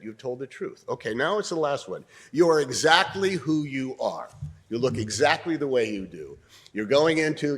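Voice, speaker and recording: Older man coaching an acting exercise. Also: medium pitch. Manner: coaching, repeats lines in different tones, frequent throat clearing. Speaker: guest speaker giving an acting exercise to an audience. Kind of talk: interactive acting lesson in a lecture. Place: university debating hall.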